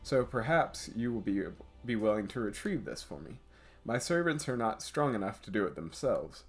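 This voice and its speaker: A man reading aloud and voicing a powerful, proud female dragon in a game, a bit louder and higher than his own voice. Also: big pitch swings, normal speed, faint music behind. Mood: commanding. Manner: louder and slightly raised when voicing her.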